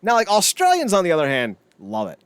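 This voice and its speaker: A man's voice: high-pitched, wildly swooping pitch, fairly quick, clear, resonant tone, no room sound. A man co-hosting a wrestling podcast, casual chat, opinionated, rambling and jokey. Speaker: podcast co-host.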